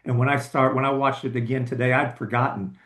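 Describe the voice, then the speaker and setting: A man's voice: medium pitch, level tone, fast, a bit bright. Man talking films in an echoey room. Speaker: podcast co-host. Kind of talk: casual chat.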